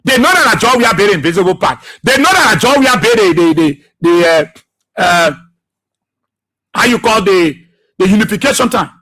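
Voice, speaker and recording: A man's voice: sits high, animated, normal speed, bright, forceful tone, slightly rough. A man with a Liberian English accent, hosting a radio talk show and delivering impassioned, repetitive political commentary.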